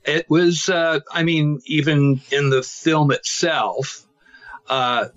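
A man appearing as a guest on a podcast, talking slowly and hesitantly with frequent fillers. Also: on the high side, fairly even intonation, fairly bright tone, lo-fi sound. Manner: slow, hesitant, many uh fillers. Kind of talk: casual interview chat.

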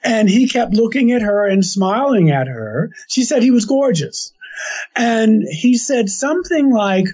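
A man's voice: high voice, expressive, unhurried, a little mellow, husky. A man casually retelling a story he was told, rambling with restarts and quoting the other person's words. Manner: rambling, with restarts and quoted dialogue. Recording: dull lo-fi sound.

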